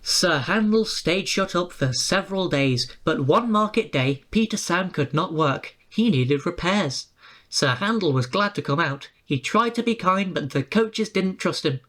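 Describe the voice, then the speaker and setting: A narrator reading a children's railway storybook aloud in a brisk, clear way. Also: mid-range voice, lively intonation, a bit bright.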